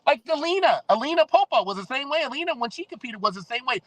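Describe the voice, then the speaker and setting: A man's voice: very high-pitched, lively intonation, fast talker, a bit bright, dry recording, rough recording. A man co-hosting a podcast in casual chat, rambling and enthusiastic. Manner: rambling, enthusiastic, laughs often. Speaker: podcast co-host.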